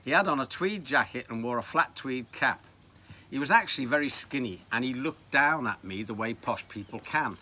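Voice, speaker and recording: Old liverpool guy telling stories, wry and lively, very bright voice. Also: medium pitch, moderate pace. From Liverpool, England. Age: 70s. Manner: wry, animated storytelling. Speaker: storyteller. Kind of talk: reminiscing narration.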